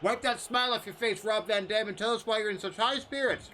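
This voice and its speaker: A man's voice: high voice, a little fast, pushed and bright, a little hiss or hum, pitched above the performer's own voice. A man putting on the voice of a brash male wrestler taunting a rival in a sneering, confrontational promo.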